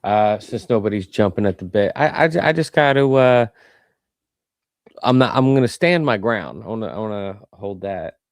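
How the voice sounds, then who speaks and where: A man's voice: on the low side, expressive, moderate pace, no room sound, studio quality. A man with a Philadelphia accent, co-hosting a sports podcast in easygoing casual chat, often repeating words. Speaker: podcast co-host.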